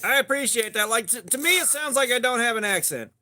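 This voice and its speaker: Upbeat high-voiced Southern man in his forties. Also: animated, fast, bright, forceful tone. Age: 40s. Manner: upbeat, swearing, greets viewers by name. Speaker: livestream host. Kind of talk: casual livestream chat. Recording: faint background noise and clicks.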